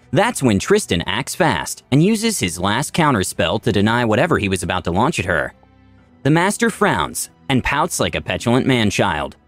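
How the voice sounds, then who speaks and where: A man's voice: medium pitch, dry recording. A man narrating a tabletop adventure in the first person, with a wry, dramatic telling. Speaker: storyteller of a tabletop campaign.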